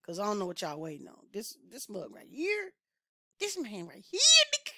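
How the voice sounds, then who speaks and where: A woman's voice: mid-range voice, wildly swooping pitch, brisk, a bit bright, dry recording, studio quality. A woman hosting a music reaction channel, chatting casually with viewers and reacting with emphatic exclamations and frequent laughter. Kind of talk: casual reaction vlog chat.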